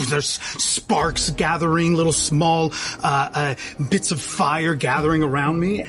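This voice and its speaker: A man's voice: on the high side, a bit bright, a little hiss or hum. Man player describing his character's moves. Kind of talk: tabletop game play.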